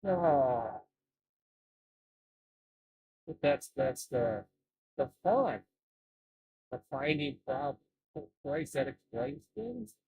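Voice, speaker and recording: Guy streaming from home, chatting casually, stops and restarts a lot, ordinary pitch. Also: animated, mellow, breathy edge, poor audio. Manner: halting, repeats words often. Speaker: live streamer. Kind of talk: casual live-stream chat.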